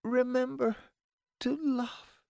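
A desperate mother who is also a witch, her voice pitched high and strained as she chants, voiced by a male narrator. The recording is dry, with no room echo. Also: steady tone, takes it slowly, creaky, mellow, heavily acted.

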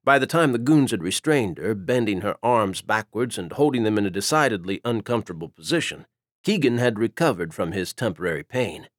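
A man's voice: on the low side, expressive, a little fast, dry recording. Male audiobook narrator, dry sound. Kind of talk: scripted narration.

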